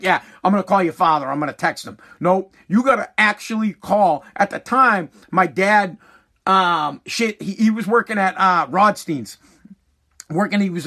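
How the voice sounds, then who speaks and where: A middle-aged man doing stand-up, telling a profane story with lively asides and acted-out quotes. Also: high-pitched, breathy edge. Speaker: stand-up comedian.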